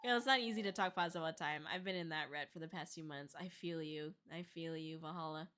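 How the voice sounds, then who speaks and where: A young woman streamer chatting casually with her viewers, soft and emotional, teary after crying and laughing between thank-yous. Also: deep voice, quick pace, a little hiss or hum. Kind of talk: casual livestream chat reading comments.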